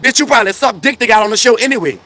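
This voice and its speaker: A man's voice: very high voice, expressive, very fast, pushed and bright, slight background noise. A man in a brash, profane comedic rant full of insults.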